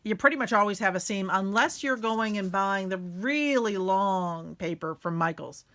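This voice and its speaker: A woman's voice: medium pitch, normal speed, fairly bright tone. A middle-aged woman, hosting a casual craft tutorial and chatting while she works. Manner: chatty, self-deprecating, talks while working.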